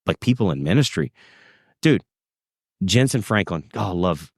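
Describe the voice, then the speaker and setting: A man's voice: low voice, moderate pace, dry recording, clean studio sound. A man, a podcast guest, telling stories in casual conversation and acting out what others said. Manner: animated storyteller, acts out quoted voices.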